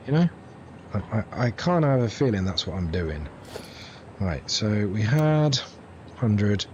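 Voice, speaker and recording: A man's voice: low voice, muffled recording, slight background noise. A man streaming a building game, chatting to his viewers in a rambling, jokey, self-deprecating way. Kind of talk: casual gameplay live stream chat. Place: home setup, streaming off a laptop. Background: game music.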